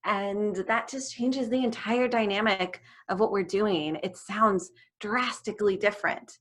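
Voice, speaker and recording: Young woman, guest on an interview podcast, animated and giggly, talking over a video call, mid-range voice. Her words come with frequent laughs, and she speaks in a relaxed, conversational way. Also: medium pitch, unhurried, few pauses. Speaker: music therapist guest. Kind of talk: casual interview chat.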